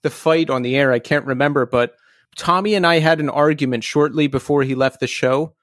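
A man's voice: on the high side, a little fast, a bit bright, no echo, studio quality. A man hosting a podcast, chatting casually in a joking, teasing way. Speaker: podcast host. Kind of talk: casual chat.

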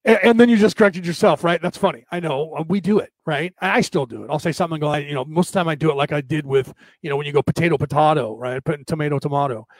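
Fast-rambling American man, dry close sound. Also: fairly high pitch, dry recording. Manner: fast, rambling, full of "right?" and mock voices. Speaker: host of a live-streamed show. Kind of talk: casual rambling monologue. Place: home setup, camera off.

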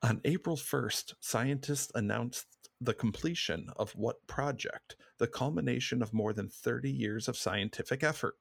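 A man hosting a casual trivia podcast, reading questions in a relaxed, plain way. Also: medium pitch, moderate pace, vocal fry, husky, no room sound. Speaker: quiz host.

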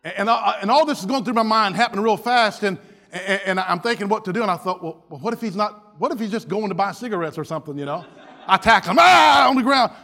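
A man delivers a sermon as a humorous story, full of quick restarts. His voice sits high and sounds bright and forceful. It carries the long reverb of a church hall. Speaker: pastor. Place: church sanctuary.

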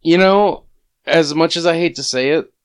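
A man's voice: on the high side, normal speed, clean tone. A man co-hosting a casual gaming podcast, grumbling crudely about game prices. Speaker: podcast co-host.

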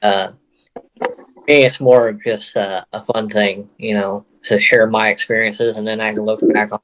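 A man's voice: lowish voice, little pitch movement, normal speed, fairly bright tone, rough recording. A man talking as a guest on a casual podcast, plain and hesitant with many fillers. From Oregon.

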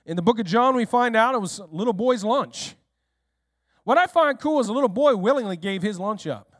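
A male pastor preaching a lively sermon, often asking his congregation questions and speaking to people in the room. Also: sits high, a little fast, dry recording, clean studio sound. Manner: speaks directly to listeners in the room.

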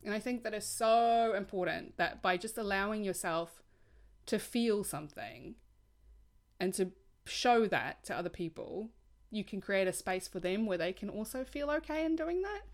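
A woman's voice: mid-range voice, animated, normal speed. A young woman co-hosting a casual podcast chat, talking candidly and earnestly and often saying "like". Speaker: podcast co-host.

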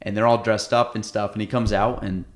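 A man hosting a casual podcast chat in a studio, retelling stories in an animated way with many restarts and quoted lines. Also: fairly low pitch, brisk. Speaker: podcast host.

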